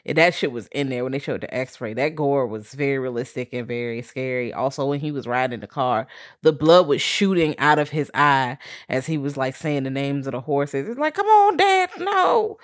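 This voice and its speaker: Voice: medium pitch, moderate pace, no echo, studio quality. A podcast co-host in a casual movie review chat, talking in a blunt, profane, joking way.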